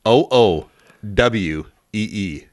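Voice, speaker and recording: A man with a lowish voice that swings up and down a lot, talking casually on a podcast. He quizzes his co-host, laughs often and spells words out letter by letter. The sound is dry and close, with no room echo. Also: expressive, very slow.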